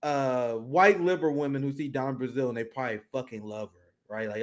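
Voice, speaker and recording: A man co-hosting a political commentary show, talking bluntly and swearing a lot in casual, animated chat. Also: mid-range voice, brisk. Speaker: co-host.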